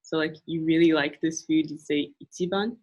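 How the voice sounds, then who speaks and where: A young woman presenting a classroom lesson, speaking patiently and repeating phrases slowly for learners. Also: deep voice, completely flat delivery, darkish tone, muffled recording. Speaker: language and culture presenter. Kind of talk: classroom teaching.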